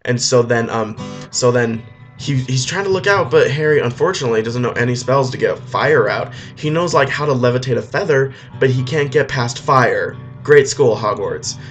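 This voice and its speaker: A man retelling a film as a rambling comedy story, full of deadpan asides and fillers. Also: medium pitch, normal speed. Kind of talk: comic retelling over music. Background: faint guitar music.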